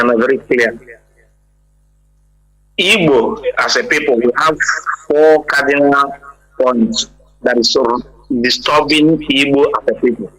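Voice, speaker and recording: A man speaks on a call-in line with a husky, bright-edged voice. He moves forward steadily, pausing with "uh" and "you know". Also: medium pitch, poor audio. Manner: measured, hesitant with "uh" and "you know". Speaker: caller. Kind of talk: call-in contribution.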